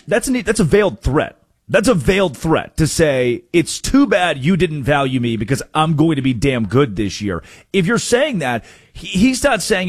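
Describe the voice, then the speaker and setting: A man hosting a sports talk radio show, arguing fast with lots of stop-start restarts into a studio mic. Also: a little high, slightly rough, no room sound.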